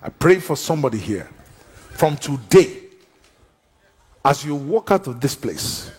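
A pastor preaching in a raspy, gravelly voice, his pitch leaping high and dropping low. He bursts into shouts, then slows to drawn-out phrases. The sound carries the long echo of a large hall. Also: big pitch swings. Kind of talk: sermon. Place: church service with a seated congregation.

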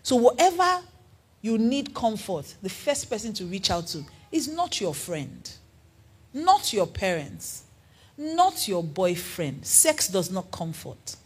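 A woman preaching a sermon in an earnest, animated way, asking her listeners questions. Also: medium pitch, takes it slowly, breathy edge.

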